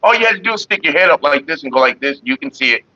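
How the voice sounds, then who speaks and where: A man's voice: on the high side, lively intonation, rapid-fire, bright, forceful tone, no room sound. Profane, chatty man on a lo-fi stream. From California. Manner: loose, profane, storytelling, greets chat by name. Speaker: livestream host. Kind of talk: casual livestream chat.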